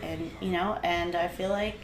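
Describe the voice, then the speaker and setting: A woman's voice: fairly low pitch, normal speed, echoey room, crowd noise. Rambling New woman podcaster. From New England. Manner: animated, rambling, slangy. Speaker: podcast co-host. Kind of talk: casual chat.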